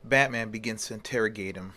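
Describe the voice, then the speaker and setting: A man narrating a fan story in a halting way, with many fillers and restarts. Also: fairly low pitch, pushed and bright.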